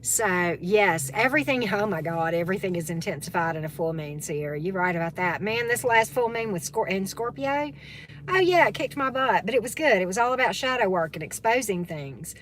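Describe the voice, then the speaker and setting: A woman's voice: medium pitch, animated, a little fast, fairly bright tone, slight background noise. Chatty woman checking in with viewers. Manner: chatty, keeps checking in with "right?" and "okay?". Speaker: tarot reader and spiritual coach. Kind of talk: casual livestream chat with viewers.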